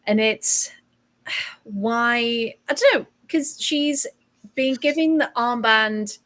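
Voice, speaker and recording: A woman's voice: a little high, slow, a bit bright. Chatty woman hosting a watch-along. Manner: chatty, reads out chat messages, frequent ums. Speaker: podcast host. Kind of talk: casual chat and live match watch-along.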